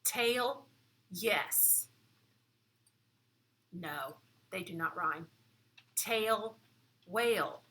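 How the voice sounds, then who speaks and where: Brief: female preschool teacher, slow and patient, bright tone, clear instructions for young kids. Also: mid-range voice, lively intonation. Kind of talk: children's lesson. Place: classroom.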